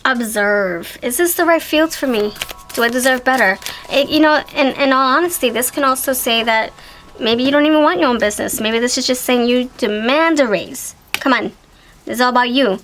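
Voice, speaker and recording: A woman giving a casual tarot reading to her viewers, chatty and animated, with quick exclamations and frequent self-corrections. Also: fairly high pitch, a little hiss or hum, poor audio. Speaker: tarot reader.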